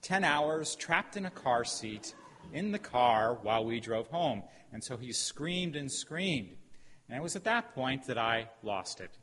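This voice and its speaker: A middle-aged man preaches in a bright, forceful voice. He tells his story with emphatic pauses and stretched words. His voice rings with a long reverb in a church, over a faint hiss. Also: medium pitch, animated. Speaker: pastor. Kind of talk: sermon. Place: church sanctuary. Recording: hall reverb, faint background noise.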